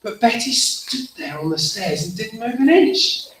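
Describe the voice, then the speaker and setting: An animated man tells a story to children and leads them in actions. His voice is fairly high and bright. It sounds distant and very echoey, as in a school hall, with faint noise. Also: measured pace. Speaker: theatre workshop leader.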